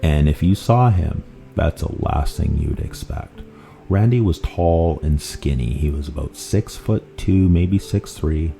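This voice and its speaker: A man hosting a podcast, telling true-crime stories in a rambling, animated way and correcting himself as he goes. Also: rumbling low, a little slow, gravelly. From Canada. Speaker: podcast host. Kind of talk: casual true-crime storytelling. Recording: faint guitar music underneath.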